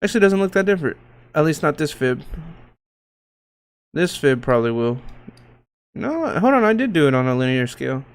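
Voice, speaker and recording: A man hosting a casual livestream, reading out market moves in a loose, joking, profane, slangy way with hype shouts. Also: fairly high pitch, big pitch swings, normal speed, pauses often, clear, resonant tone. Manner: hype shouts and laughs while reading tickers. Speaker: crypto livestream host.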